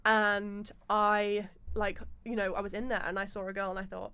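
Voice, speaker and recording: Animated young woman telling stories. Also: mid-range voice, moderate pace, clear, resonant tone. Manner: animated storyteller, acts out quotes with many fillers. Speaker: podcast guest. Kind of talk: casual chat.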